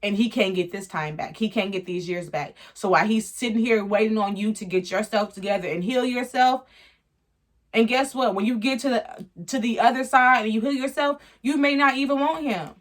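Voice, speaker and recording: A woman's voice: fairly high pitch, moderate pace. A woman giving a blunt, slangy, opinionated recap of a reality show in casual commentary. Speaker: reality TV reviewer.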